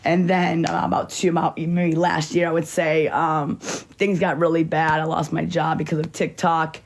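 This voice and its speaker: A woman's voice: low voice, little pitch movement, normal speed. A woman telling her life story in an emotional, confessional monologue, repeating herself and pleading as she goes. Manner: repetitive, pleading, emphatic. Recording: noisy background with passing vehicles.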